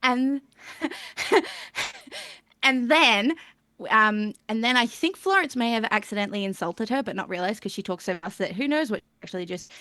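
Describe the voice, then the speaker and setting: A woman recaps a tabletop role-playing session for a live stream. Her voice sits slightly high and sounds dry and close. She rambles and giggles, linking everything with "and then". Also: moderate pace, pushed and bright, dry recording. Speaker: player recapping the last session. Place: home streaming setup.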